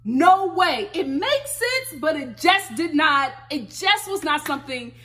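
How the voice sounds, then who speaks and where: A woman's voice: sits high, big pitch swings, unhurried, a bit bright. A woman vlogger recapping a reality show in casual, gossipy commentary, laughing often and recording on her phone.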